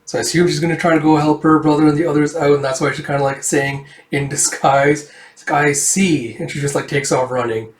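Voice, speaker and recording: A man's voice: on the high side, little pitch movement, fast talker, few pauses, echoey room, slight background noise. A man casually narrating a comic book read-through, rambling with lots of "like" and "it's like". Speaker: comic book reader and reviewer.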